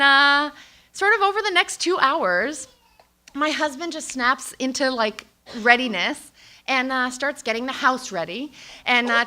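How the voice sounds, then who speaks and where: A woman in her thirties telling a candid, lively personal story and acting out her own reactions. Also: high-pitched.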